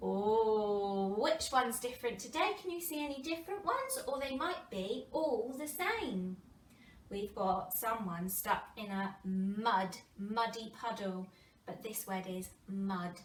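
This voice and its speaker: A woman with an English accent teaching a phonics lesson to young children, sounding out words slowly and with a lot of expression. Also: mid-range voice. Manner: animated, exaggerated sounding-out of words with gasps and whispers. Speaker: primary school teacher. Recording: roomy distant mic, faint background noise.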